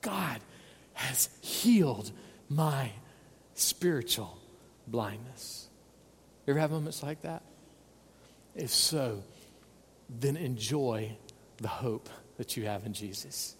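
A man's voice: mid-range voice, lively intonation, takes it slowly, long pauses, in a large hall, slight background noise. A man preaching a sermon as pastor, earnest and pleading, stressing points by repeating words. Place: church sanctuary.

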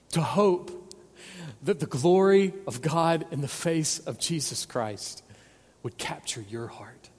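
A man's voice: on the high side, darkish tone, husky, in a large hall. A man preaching a sermon as pastor, earnest and pleading, stressing points by repeating words. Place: church sanctuary.

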